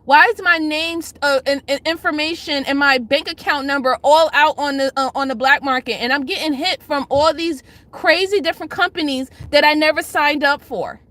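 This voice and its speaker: A woman's voice: high-pitched, normal speed, few pauses, sharp tone, no room sound. A whiny, tearful data-breach victim, as a woman puts one on. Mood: mock crying. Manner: crying, mocking whine.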